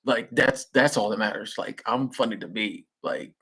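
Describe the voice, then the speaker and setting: A man's voice: lowish voice, normal speed, pushed and bright, a little hiss or hum. A young man hosting a live stream, chatting casually with viewers in slangy speech and laughing at his own jokes. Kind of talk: casual chat reading viewer comments.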